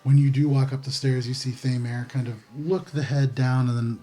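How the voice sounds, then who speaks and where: A man narrating a tabletop game as game master, relaxed and descriptive with frequent pauses. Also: medium pitch, faint music behind.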